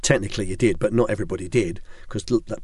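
A man's voice: fairly low pitch, racing, darkish tone, breathy edge, no room sound. An older man, a former football academy director, telling rambling anecdotes in a studio interview with many ums and restarts.

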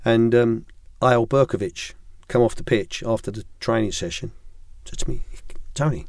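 A man's voice: medium pitch, steady tone, normal speed, creaky, darkish tone, dry recording. Older man telling rambling stories in a studio. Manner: rambling storyteller, many restarts and ums. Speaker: guest, former football academy director. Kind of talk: anecdotal interview chat.

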